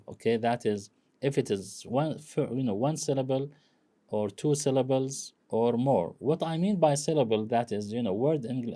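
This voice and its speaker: A man giving a university grammar lecture in English, halting with many fillers and self-corrections. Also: mid-range voice, dark tone.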